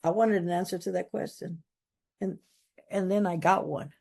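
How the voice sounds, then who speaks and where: A woman's voice: fairly low pitch, steady tone, normal speed, gravelly, mellow. A woman giving a candid, emphatic personal testimony at a recovery meeting, often repeating words for stress. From Texas.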